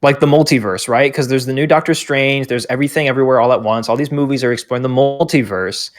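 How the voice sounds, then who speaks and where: A man's voice: mid-range voice, fast. Joking young man co-hosting a podcast. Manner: joking, crude, laughs often. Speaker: podcast co-host. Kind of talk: casual banter among friends.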